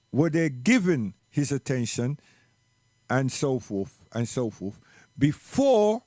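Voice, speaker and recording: A man telling a personal story slowly and reflectively, repeating words for emphasis. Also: mid-range voice, no room sound, clean studio sound.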